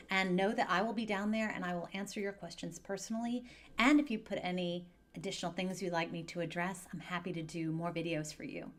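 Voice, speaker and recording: A woman with a slightly low voice talks parents through a hard moment with their children. She keeps her delivery calm, gentle and measured, and she sounds reassuring as she speaks directly to viewers in an advice video. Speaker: divorce and parenting coach.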